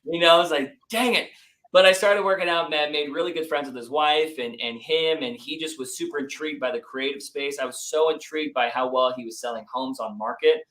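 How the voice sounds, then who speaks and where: A young man, a business founder, chatting casually as a podcast guest and telling animated stories, often saying "like" and "dude". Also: on the high side, brisk, few pauses, rough recording. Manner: animated, acts out quotes, says "like" and "dude" often. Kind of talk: casual interview storytelling.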